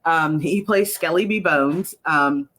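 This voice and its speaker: A woman who created an animated series, chatting casually in an interview about her cast with many fillers. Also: low-pitched, slow. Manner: chatty, many fillers, acts out quotes in lively voices.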